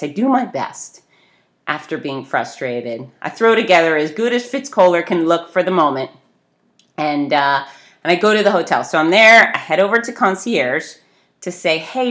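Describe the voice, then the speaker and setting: A woman telling a casual story with a lively, self-deprecating manner. Her voice sits a little low for a woman, and she swings it up sharply whenever she acts out the people in her story. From grew up on the beach. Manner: animated storyteller, voices people in the story with big pitch jumps. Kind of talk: casual anecdote.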